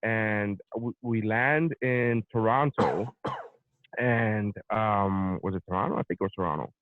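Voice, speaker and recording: A man's voice: on the low side, a little slow, no echo. A male podcast host and comedian telling a long anecdote in casual chat, swearing freely and acting out the voices of people in the story. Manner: profane, animated, acts out both sides of anecdotes. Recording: dry phone-like sound.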